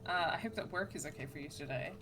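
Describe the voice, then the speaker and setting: A woman's voice: sits low, fast talker, low-quality recording. A woman co-hosting a let's play, chatting casually and teasing her partner while making outspoken political asides. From United Kingdom. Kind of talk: casual chat over gameplay.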